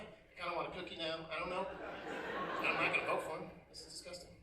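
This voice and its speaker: Wry stand-up comedian in a roomy club. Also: male voice, fairly high pitch, level tone, fairly quick, recorded from a distance, background noise. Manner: conversational, wry, addresses the crowd.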